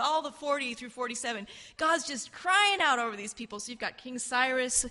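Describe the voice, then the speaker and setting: Woman Bible teacher, earnest and halting, slightly high voice, preaching in a hall with a long echo. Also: pushed and bright. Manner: earnest, halting, acts out voices of biblical figures. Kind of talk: informal sermon teaching.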